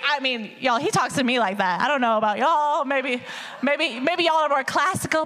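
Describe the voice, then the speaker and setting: A woman preaching an energetic sermon, animated and hyped, calling out to the congregation as y'all. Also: high-pitched, a little slow. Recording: long hall reverb.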